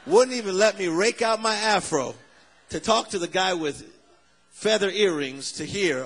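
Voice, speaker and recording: A male preacher telling a story in a sermon, animated and acting out the people in it. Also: high-pitched, unhurried.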